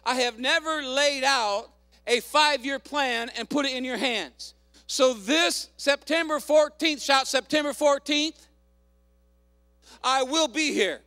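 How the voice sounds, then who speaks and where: A man pastor preaching a fervent sermon, calling out hallelujahs and shouting to the congregation. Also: very high voice, slow, no echo, studio quality, faint music behind.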